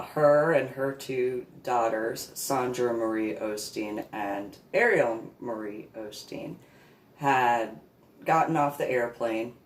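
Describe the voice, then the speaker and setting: Woman reverend, 40s, unhurried rambling storyteller, echoey room recording. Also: very deep voice. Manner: rambling, repeats words, sarcastic asides. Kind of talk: personal storytelling monologue.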